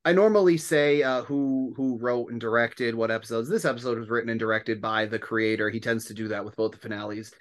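A man's voice: mid-range voice, fairly even intonation, a little fast, few pauses. A man hosting a podcast in casual chat, rambling and laughing often. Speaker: podcast host.

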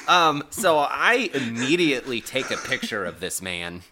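A man's voice: medium pitch, measured pace, background noise. A man telling a rambling, profane story in casual podcast chat, acting out the people in it. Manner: profane, animated, acts out quotes.

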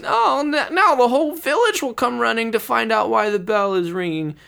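A man putting on a jittery high-voiced monk. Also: huge pitch swings, a little fast, gravelly, a crowd in the background, exaggerated voice. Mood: nervous. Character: nervous fretful male monk, adult.

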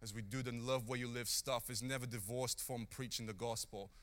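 A man preaching a sermon with earnest, animated delivery, acting out the people in his stories. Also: medium pitch, fairly quick.

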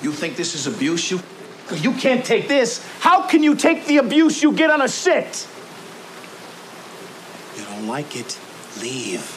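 A man's voice: high-pitched, huge pitch swings, measured pace, long pauses, a little hiss or hum, full character voice. An actor playing a ruthless, domineering sales boss, berating his salesmen in a harsh, swaggering film scene. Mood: contemptuous. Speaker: film character. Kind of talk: film drama acting.

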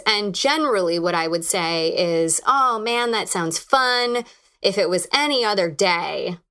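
Low-voiced woman telling her own story. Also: fairly bright tone. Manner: reflective, candid storytelling. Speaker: podcast host. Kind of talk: personal storytelling.

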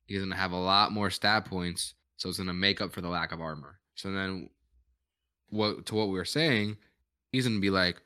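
Deep-voiced laid-back man, bright tone. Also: a little fast. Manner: laid-back gamer slang, swears casually. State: yawning, tired. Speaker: podcast co-host. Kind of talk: casual chat.

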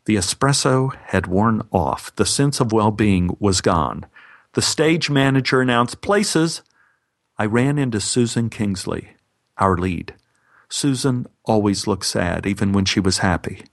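A man tells a personal story for a podcast in a low voice. His delivery is dry and wry, landing the jokes without fuss. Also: unhurried, vocal fry.

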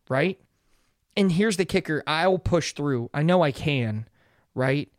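A man's voice: fairly high pitch, moderate pace, no room sound, clean studio sound. A young man hosting a solo motivational podcast, talking earnestly and conversationally and often checking in with "right?". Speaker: podcast host.

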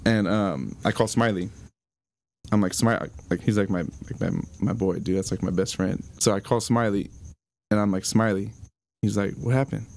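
A young man tells a personal story on a podcast. His voice sits fairly low, and his delivery is halting and casual, full of fillers and the odd curse. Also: vocal fry, a little mellow. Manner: halting, many fillers, swears. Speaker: podcast guest.

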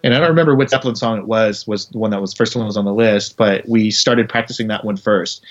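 A man's voice: on the low side, fast, muffled recording. A man, a musician guest in a casual interview, rambling through stories with lots of filler words.

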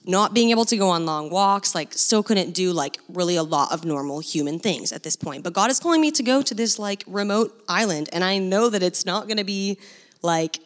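Young woman, missionary speaker, animated storyteller who laughs often and plays out every line of dialogue. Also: fairly low pitch, a little fast. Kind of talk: testimony storytelling.

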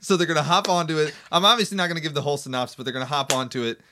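A man's voice: a little high, steady tone, rapid-fire, bright, forceful tone, slight background noise. A man co-hosting a podcast in casual chat, rambling and jokey with frequent laughs. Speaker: podcast co-host.

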